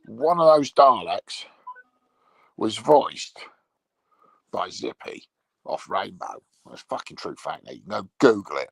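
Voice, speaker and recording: A man playing a crude male troll, delivering a rambling, swear-filled comedy monologue in a gravelly, husky voice. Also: mid-range voice, no room sound, heavily acted, low-quality recording.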